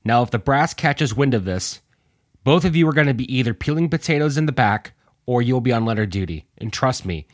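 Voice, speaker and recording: A man's voice: medium pitch, expressive, fairly quick, no room sound, studio quality, lightly acted. A man voicing a stern air force officer who scolds his men. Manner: barking, scolding.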